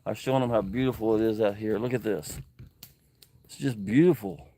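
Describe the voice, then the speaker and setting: A man's voice: fairly low pitch, moderate pace, mellow, slight background noise. A man, livestreaming from an outdoor campsite, talking earnestly and emotionally to viewers and reading out their comments. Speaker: camping livestreamer. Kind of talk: casual livestream chat.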